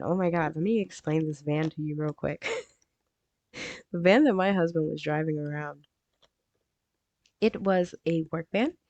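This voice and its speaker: A woman's voice: lowish voice, a little mellow, no room sound. A woman vlogger telling a personal story in casual chat while crafting, laughing often as she talks. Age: adult with a grown son.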